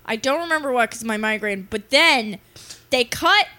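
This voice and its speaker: A woman's voice: a little high, lively intonation, moderate pace, sharp tone. A woman co-hosting a comedy podcast, recapping an episode in casual, sarcastic chat and swearing freely.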